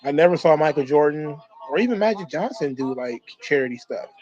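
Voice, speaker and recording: Guy riffing over a wrestling show, fairly high voice, swears a lot, rambles, kinda muffled lo-fi sound. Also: animated, fairly quick, darkish tone. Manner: loose, profane, rambling. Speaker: host of a wrestling watch-along. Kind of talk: casual commentary.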